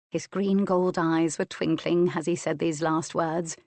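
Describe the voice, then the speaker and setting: A woman narrating a historical romance audiobook in an even, measured way. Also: sits low, no room sound. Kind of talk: scripted narration.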